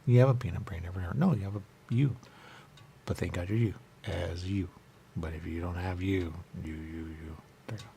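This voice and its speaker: Low, gravelly-voiced radio host. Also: male voice, brisk, dark tone, a little hiss or hum. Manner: rambling, repetitive wordplay. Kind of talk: loose comedic studio banter. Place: radio studio.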